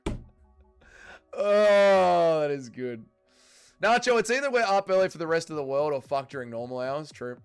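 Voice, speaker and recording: A man's voice: on the high side, a bit bright, clear, resonant tone. A young man hosting a casual livestream watch-along, reading viewer chat aloud, bantering and swearing freely. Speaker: livestream host.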